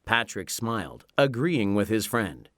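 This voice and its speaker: Narrating a children's storybook, a man takes an unhurried, expressive pace, his pitch roaming as he performs the scripted reading. The sound is close with a dry recording.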